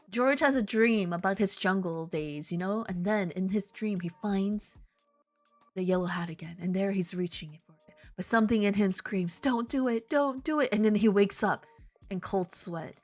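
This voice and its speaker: Woman, streamer, casual live chat, playful, rambling, theatrical, mid-pitched, faint background music. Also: moderate pace.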